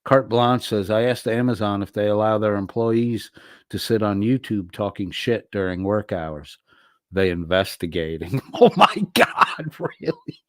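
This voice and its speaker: A man's voice: lowish voice, steady tone, moderate pace, no echo, clean studio sound. A man hosting a livestream, reading viewer comments aloud and answering them in a crude, mocking, profane way. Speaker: livestream host.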